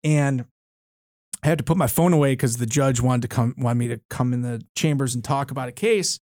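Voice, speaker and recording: A man's voice: mid-range voice, brisk, darkish tone, dry recording, clean studio sound. A man in his thirties, a lawyer and guest, telling a story in a casual interview with frequent restarts and fillers. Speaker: university board chair and lawyer, guest. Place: studio.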